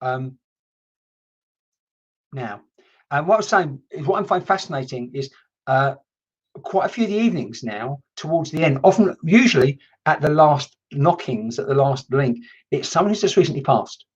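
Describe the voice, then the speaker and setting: A man's voice: on the high side, expressive, moderate pace, husky, lo-fi sound. A man working as a medium in a live-streamed session, who talks in a rambling, chatty way with many restarts and some mild swearing. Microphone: computer mic.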